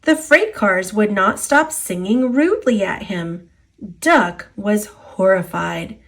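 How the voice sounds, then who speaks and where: Slow American woman reading aloud. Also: mid-range voice. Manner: slow, clear, expressive. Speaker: storyteller. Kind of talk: children's read-aloud.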